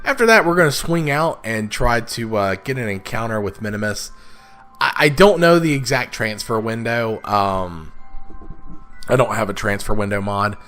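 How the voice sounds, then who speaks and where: Congested raspy man narrating gameplay. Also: fairly low pitch, animated, moderate pace, a bit bright, soft background music. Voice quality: raspy, congested from blocked sinuses. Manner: rambling, many fillers and restarts. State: sniffly, stuffed up. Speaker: let's play gamer. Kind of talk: casual gameplay commentary.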